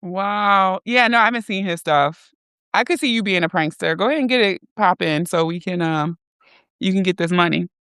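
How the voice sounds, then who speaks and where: A woman hosting a podcast in casual chat, teasing and quick to laugh. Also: on the low side, a bit bright, clean tone, dry recording, clean studio sound. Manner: laughs easily, chatty and teasing. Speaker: podcast host.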